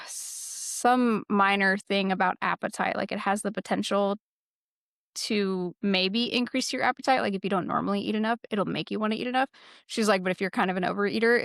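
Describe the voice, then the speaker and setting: Young woman co-host, casual candid chat, some vocal fry, dry close sound. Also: medium pitch, a bit bright, dry recording. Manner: candid, rambling, heavy on fillers. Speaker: podcast co-host.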